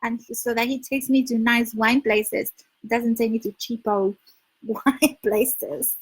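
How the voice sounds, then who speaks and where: High-voiced chatty Spanish woman. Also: steady tone, slow pace, slightly rough, poor audio. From Spain. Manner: chatty, laughs often, reads out viewer comments. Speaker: dating advice live streamer. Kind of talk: casual live stream chat with viewers. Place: her home in London.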